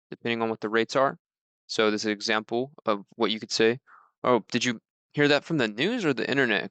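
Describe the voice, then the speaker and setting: A man talks through sales objections in a relaxed, conversational way. His voice is bright and smooth, and the recording is dry with no room sound. He lifts his pitch a little whenever he reads out a sample script. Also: no room sound. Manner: loose and conversational with fillers. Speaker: mortgage sales trainer. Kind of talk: casual instructional talk.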